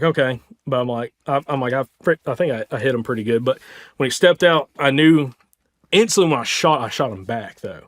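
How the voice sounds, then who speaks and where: Excited Southern man telling a hunt story. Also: medium pitch. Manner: excited storytelling, heavy on "like" and "dude". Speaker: podcast host. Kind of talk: casual hunting story.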